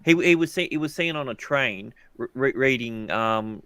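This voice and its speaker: Male co-host, mid pitch, thinks aloud and trips on words, dry close mic. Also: normal speed, sharp tone, clean tone, dry recording. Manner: thoughtful, sometimes stumbling over words. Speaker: podcast co-host. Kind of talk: casual podcast chat.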